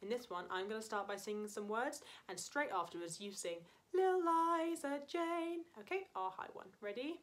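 A woman's voice: mid-range voice, lively intonation, brisk, hardly any pauses, fairly bright tone. A woman music teacher leading an online singing lesson for children, patient and encouraging as she explains and counts in. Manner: encouraging, patient, speaks to young learners.

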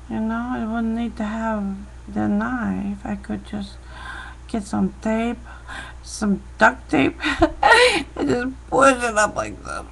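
A woman's voice: medium pitch, creaky, a little hiss or hum, poor audio. An American woman chatting to her webcam in a rambling, self-deprecating way, speaking straight to the viewer. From United States. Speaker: vlogger. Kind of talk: casual chatty monologue to a webcam. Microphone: built-in webcam mic.

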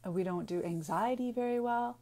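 A woman speaking off the cuff in a personal video, earnest and halting, with frequent restarts and pauses as she searches for words. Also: fairly high pitch, dark tone. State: getting emotional. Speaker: naturopathic doctor and author. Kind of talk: unscripted personal video talk.

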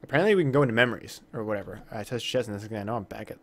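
Male let's-play host, lowish, excitable, swears mildly, reads along. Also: racing. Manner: jumpy, exclaims with minced oaths; reads game dialogue aloud. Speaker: gaming YouTuber.

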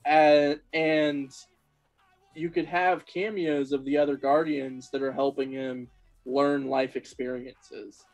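A man's voice: medium pitch, level tone, slow, a little mellow, soft background music, rough recording. A man talking as a guest on a casual podcast, upbeat and laughing often.

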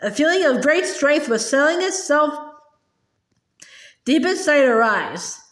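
High-voiced woman reading a storybook. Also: unhurried. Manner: expressive, with occasional stumbles and repeats. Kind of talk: reading a children's novel aloud. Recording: echoey room.

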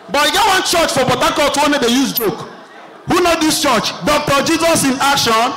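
A young Nigerian comedian with a Pidgin English accent and a very high, sharp, bright voice, shouting his stories out on stage. His delivery is animated and punchy. A faint crowd and a light hiss sit behind him. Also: moderate pace, poor audio. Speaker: stand-up comedian. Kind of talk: stand-up comedy routine.

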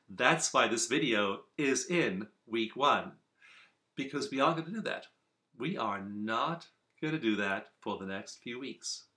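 Man, self-help teacher, bright crisp tone, earnest and measured, in his office. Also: mid-range voice. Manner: earnest, measured, with repeated emphasis. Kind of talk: recorded video lesson.

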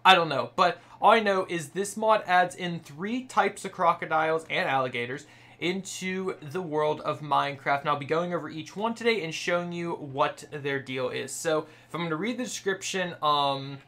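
A man's voice: a little high, moderate pace, fairly bright tone. A young man hosting a game video, chatting loosely with many fillers as he reads and demonstrates. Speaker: gaming channel host. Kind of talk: casual video game commentary.

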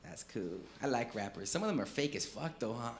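A man's voice: medium pitch, expressive, brisk. A man doing stand-up crowd work in a comedy club, profanely teasing audience members. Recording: echoey club room with loud crowd noise.

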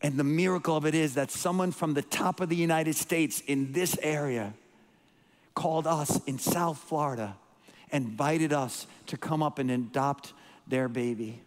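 A man's voice: a little high, normal speed. A man giving a storytelling sermon as a guest preacher, emotional and rambling, with frequent restarts and repeated words. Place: church sanctuary. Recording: long hall reverb.

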